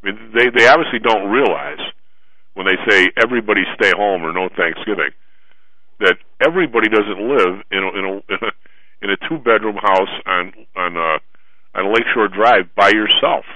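A man hosts a radio talk show, talking casually and circling back on himself. His voice is low-pitched but very bright and cutting. The studio sound is dry and close. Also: normal speed, dry recording, poor audio. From Chicago. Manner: rambling, self-interrupting.

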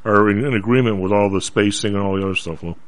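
A man hosting a talk radio discussion, telling anecdotes in an animated way and acting out what other people said. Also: fairly low pitch, fast talker. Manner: animated storyteller who acts out others' words.

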